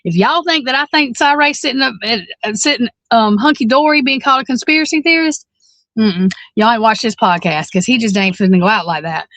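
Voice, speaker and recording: A woman in her forties talks through a criminal case on a podcast, blunt and worked up, cursing and restarting her thoughts. Her voice sits a little high and the sound is dry and close, with no room around it. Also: fairly quick, a bit bright, dry recording. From Alabama. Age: 40s. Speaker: podcast co-host. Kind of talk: casual true-crime discussion.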